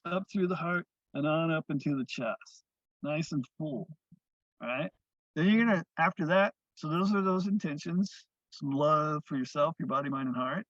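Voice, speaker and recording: A man teaching breathwork, guiding listeners through breaths in a slow, soothing way that often trails off softly. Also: a little high, no echo. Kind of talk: guided breathing instruction. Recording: dull, lo-fi dry sound.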